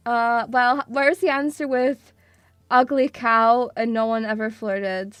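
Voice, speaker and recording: A woman's voice: on the high side, steady tone, slow, noisy background. A woman streaming casually to her viewers, chatty and self-mocking, swearing freely and laughing often as she talks through a quiz. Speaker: VTuber streamer. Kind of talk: casual live-stream chat.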